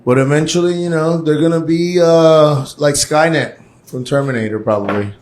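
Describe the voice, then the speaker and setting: A man's voice: fairly high pitch, moderate pace, darkish tone, a little hiss or hum. A man from Puerto Rico hosting a casual live stream, chatty and rambling as he jumps between topics. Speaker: host. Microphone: phone or camera mic on a live stream.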